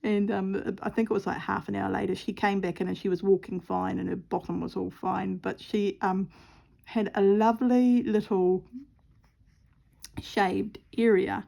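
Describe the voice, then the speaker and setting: Chatty middle-aged woman, gravelly edge. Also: mid-range voice, little pitch movement, unhurried, mellow. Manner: rambling, chatty storytelling with many ums. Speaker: craft vlogger. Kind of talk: casual chat while stitching.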